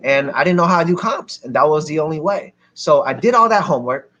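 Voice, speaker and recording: A man from Philadelphia telling a lively story to a seminar audience as a real estate investor, acting out the people in it. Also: fairly high pitch, brisk, highs cut off, a little hiss or hum. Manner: animated, acts out other people's lines.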